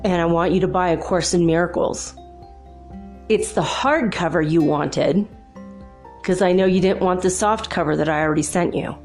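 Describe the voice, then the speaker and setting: A woman voicing a calm, kind male spiritual guide in a soft, gentle tone, with no real change from her own voice. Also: lowish voice, moderate pace, faint music behind, natural voice.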